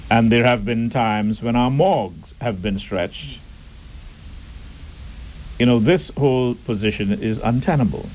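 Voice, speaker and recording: A man giving a deliberate, emphatic public address and asking rhetorical questions. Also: medium pitch, a little mellow, a little hiss or hum, rough recording. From Turks and Caicos Islands.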